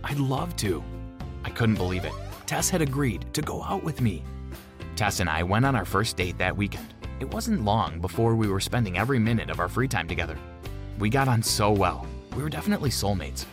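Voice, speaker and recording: A man narrating a first-person story in a measured, plain storytelling manner. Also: fairly low pitch, sing-song. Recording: music bed underneath.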